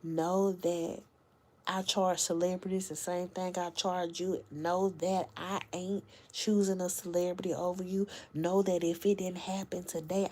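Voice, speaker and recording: A woman's voice: on the low side, a little mellow, husky. A woman hosting a casual late-night livestream from home, talking to her viewers in a chatty, slangy way and often dropping to a whisper. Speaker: livestream host and reader. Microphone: phone livestream.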